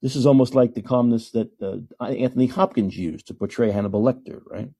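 A man's voice: medium pitch, a little fast, dark tone, slightly rough. A man hosting a call-in podcast, ranting emphatically and repeating himself for effect. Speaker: podcast host.

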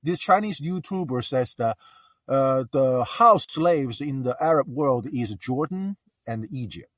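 Male caller, earnest, halting with many fillers, distant dry sound. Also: mid-range voice, expressive, dry recording. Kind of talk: casual call-in talk.

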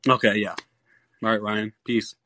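A man's voice: lowish voice, little pitch movement, normal speed, fairly bright tone. A man hosting a live call-in sports podcast, blunt and irritated with callers, often stammering into restarts. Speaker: podcast host.

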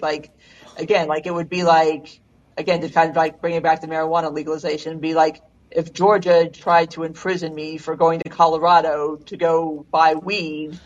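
A woman's voice: deep voice, little pitch movement, moderate pace, darkish tone, highs cut off. A woman co-hosting a podcast, chatting casually and filling her talk with "like". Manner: chatty, heavy use of like. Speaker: podcast co-host. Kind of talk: casual call-in podcast chat.

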